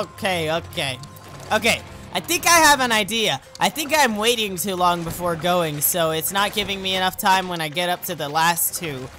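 Young male gamer, high bright voice, jumpy self-talk, faint game music behind. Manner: excitable, yelps and shouts at fails; self-talking, rambling asides. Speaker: let's play gamer. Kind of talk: casual gameplay commentary.

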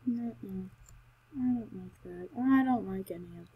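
A woman giving chatty commentary as she plays a game, excitable and talking to herself, with sudden loud, high outbursts. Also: measured pace, creaky, slightly rough, dry recording, poor audio. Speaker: Minecraft let's player. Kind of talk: gameplay commentary.

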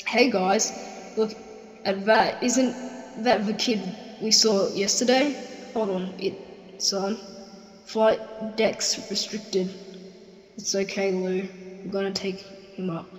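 Animated film dialogue remixed with heavy autotune and sung to a melody. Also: slow, long pauses. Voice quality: pitch-corrected, sing-song melody. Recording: roomy echo with long reverb. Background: faint music.

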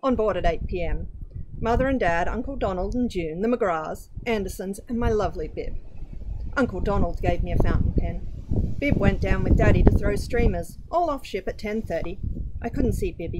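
A woman reading a short story aloud, giving clipped diary entries an expressive delivery. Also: mid-range voice, very noisy. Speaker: reader.

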